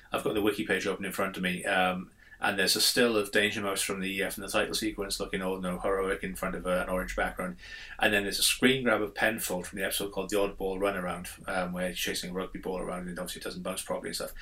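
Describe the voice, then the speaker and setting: Low, bright-voiced man. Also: steady tone, quick pace. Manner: blunt and sweary, rambling with fillers. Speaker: podcast co-host. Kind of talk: casual chat.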